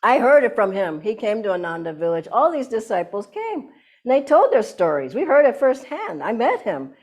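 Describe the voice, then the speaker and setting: An older woman giving an inspirational satsang talk as a spiritual teacher, telling anecdotes in a lively way and laughing often. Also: fairly high pitch, moderate pace, lo-fi sound.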